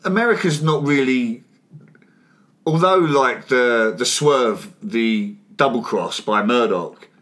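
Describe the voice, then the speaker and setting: A man's voice: mid-range voice, takes it slowly, fairly bright tone. A man hosting a casual, sweary film podcast, mixing joking chat with read recap lines. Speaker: podcast host.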